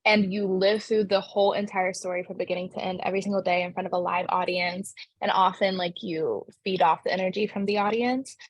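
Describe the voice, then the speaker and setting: Young actress in interview, upbeat and rambling, mid-range voice, dead-dry recording. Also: female voice, mid-range voice, steady tone, a little fast, few pauses, no echo. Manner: bubbly, chatty, many "like" fillers. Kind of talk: casual interview answers.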